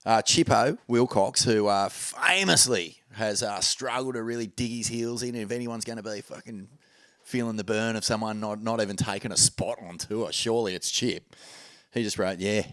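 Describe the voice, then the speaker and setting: A man's voice: on the low side, normal speed, no echo. An Australian man co-hosting a podcast, joking rowdily about surf news in casual chat. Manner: rowdy, mocking, bursts into loud cat-calling impressions. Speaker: podcast co-host.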